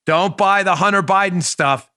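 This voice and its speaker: A man's voice: moderate pace, pushed and bright, no room sound. A man hosting a political commentary show, combative and mocking, talking emphatically into a close studio mic. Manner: does a high silly impression voice in bursts. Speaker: host.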